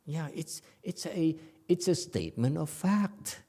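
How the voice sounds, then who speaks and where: A man's voice: a little high, lively intonation, measured pace, mellow. A man giving a Buddhist dharma lecture in a meditation hall, blunt and teasing, with many fillers and restarts. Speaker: Buddhist master.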